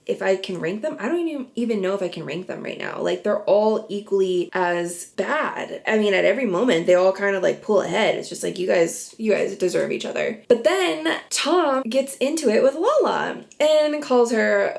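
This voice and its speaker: A woman recapping reality TV in a loose, casual way, full of "like" and swear words. Her voice sits at a middling pitch with a lot of vocal fry at the ends of phrases. She sounds blunt and opinionated. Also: lively intonation, normal speed, few pauses, a little mellow. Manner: chatty, blunt and profane, full of "like". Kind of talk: casual reaction commentary.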